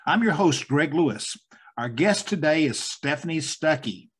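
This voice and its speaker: A middle-aged man hosting an interview podcast, genial and quick to laugh, with some halting restarts. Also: on the high side, expressive, fairly bright tone, husky. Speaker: podcast host.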